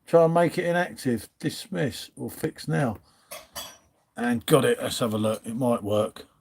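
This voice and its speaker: A man's voice: medium pitch, a little slow, creaky, darkish tone, slight background noise. A middle-aged man, hosting a live stream in casual chat and greeting viewers by name. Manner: chatty, reads viewer names, trails off and restarts.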